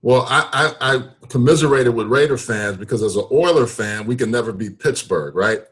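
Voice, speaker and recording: A man's voice: mid-range voice, moderate pace, fairly bright tone, husky. A man hosting a sports talk interview, easygoing and rambling, chuckling as he asks questions. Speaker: host.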